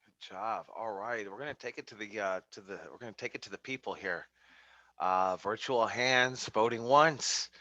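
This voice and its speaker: Man, wrestling coach, video call, bright fairly high voice, rambling with fillers, dry dull lo-fi audio. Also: moderate pace, no echo. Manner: rambling, many fillers and restarts. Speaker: wrestling instructor. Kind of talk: class feedback over video call.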